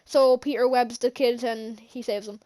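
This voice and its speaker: A woman with a high-pitched voice talks through a movie scene by scene in a loose, casual vlog. She hesitates often, restarts her sentences and fills gaps with little words. She keeps chuckling to herself as she goes. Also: fairly even intonation, normal speed, dark tone. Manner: rambling, hesitant, many fillers and restarts. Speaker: channel host, film reviewer.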